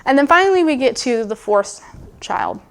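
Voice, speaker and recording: A woman's voice: high voice, lively intonation, moderate pace, creaky, fairly bright tone, clear, resonant tone. A woman preaching a sermon in an informal, musing way, with restarts and asides, sometimes speaking a biblical character's thoughts aloud. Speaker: guest preacher. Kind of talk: conversational sermon.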